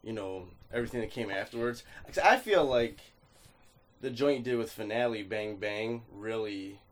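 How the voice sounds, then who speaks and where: A man's voice: on the low side, normal speed. Easygoing male interviewer. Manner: easygoing, laughs along, short affirmations. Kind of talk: casual interview.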